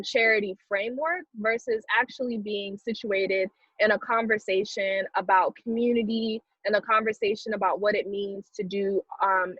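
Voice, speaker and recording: A woman with a Southern US accent talks through an interview in a thoughtful, measured way, pausing on soft fillers. Her voice sits at a middling pitch and comes through a video call. The sound is dry and a little dull, like a lo-fi recording. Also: no echo. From South Carolina, US. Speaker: philanthropy guest. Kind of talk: earnest conversational interview.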